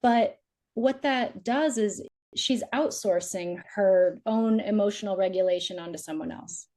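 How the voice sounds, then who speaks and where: A woman's voice: medium pitch, a little slow, mellow. A woman who coaches on dating and relationships, giving casual, chatty advice as a podcast guest, with many "like"s and acted-out quotes of other people. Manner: chatty, says "like" often, acts out quoted voices.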